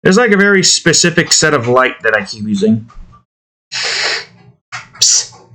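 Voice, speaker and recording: A man's voice: mid-range voice, big pitch swings, a little fast, sharp tone. A man talking casually to himself while drawing digital art, muttering about his work and snapping at his cat. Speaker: artist drawing on stream.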